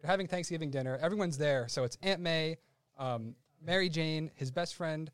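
A man on a podcast casually describing a film scene, unhurried, hedging and correcting himself. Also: on the high side, clean tone, no room sound. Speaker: podcast co-host.

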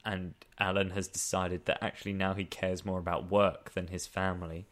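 A man's voice: low voice, little pitch movement, moderate pace, a bit bright. A man co-hosting a casual chat, wry and exasperated, often laughing as he talks. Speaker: podcast co-host. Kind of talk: casual chat reviewing a film.

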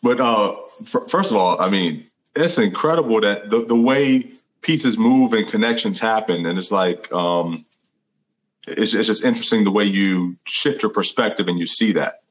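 Male host; lower voice, affirming and thoughtful, loose with fillers. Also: normal speed, rough recording. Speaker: podcast host. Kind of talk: conversational interview.

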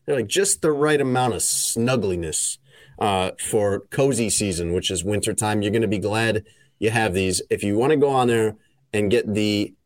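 A man's voice: on the low side, normal speed, no room sound. A man hosting a podcast, chatting casually and reading a sponsor spot in a laid-back way. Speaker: podcast host. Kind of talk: casual chat with ad read.

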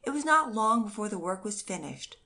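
A woman's voice: mid-range voice, very animated, a little fast, bright, forceful tone. Woman narrating a storybook. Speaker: audiobook narrator.

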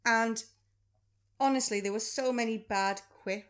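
Brief: female podcast co-host, slightly high voice, blunt and sarcastic. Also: fairly even intonation, measured pace, a bit bright. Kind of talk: casual film review chat.

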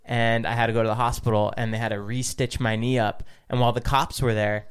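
A young man chatting on a podcast, his voice smooth and clear. He rambles through stories in an easygoing, playful way. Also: medium pitch, level tone, fast. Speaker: podcast co-host. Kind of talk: casual podcast chat.

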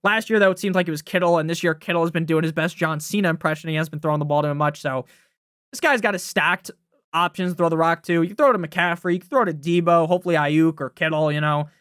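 A man's voice: a little high, steady tone, a bit bright, clear, resonant tone, no echo, studio quality. Brash profane young male podcaster. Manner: brash, swearing, fast-talking, often asks "right?". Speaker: fantasy football podcast host. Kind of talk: profane casual sports rant.

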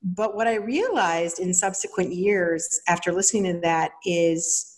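A woman's voice: on the low side, measured pace. A woman in her thirties hosting a podcast, talking casually and animatedly, acting out little quoted voices as she explains. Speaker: podcast host. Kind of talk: casual teaching monologue.

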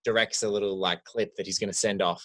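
A man co-hosting a casual film podcast, talking in long, rambling, animated stretches full of "like". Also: lowish voice, quick pace. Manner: rambling, animated, heavy use of "like". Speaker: podcast co-host.

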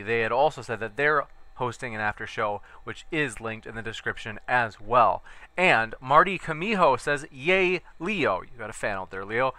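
A man's voice: medium pitch, pushed and bright, no echo. A man hosting a livestream, reading out viewer questions and comments in an upbeat, chatty way. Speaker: host. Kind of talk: livestream host reading chat.

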